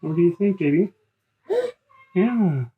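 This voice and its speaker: A parent using gentle, coaxing baby talk to a small child, repeating words slowly and reassuring the child. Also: medium pitch, husky, narrow, tinny audio. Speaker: parent showing animals to a toddler.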